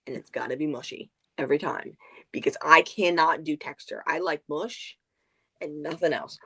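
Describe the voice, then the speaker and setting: Animated woman rambling on a livestream. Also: low voice, a little fast, husky. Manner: animated, rambling, goes off on tangents. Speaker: book club co-host. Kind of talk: casual chat on a livestream. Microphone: video call.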